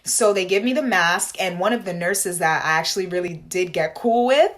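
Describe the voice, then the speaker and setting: A young woman vlogging casually, telling a story with lots of "like" fillers and slang, jumping into high dramatic voices when she quotes people. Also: normal speed. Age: young adult. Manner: animated, dramatic retelling with bursts of high acted quotes; frequent fillers like "like" and slangy asides.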